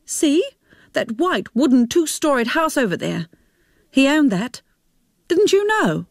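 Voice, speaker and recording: A woman voicing a distraught older woman, a former lover, who stammers in a high, shaky, tearful voice. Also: sing-song, measured pace, vocal fry, no room sound, studio quality, full character voice. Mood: insistent.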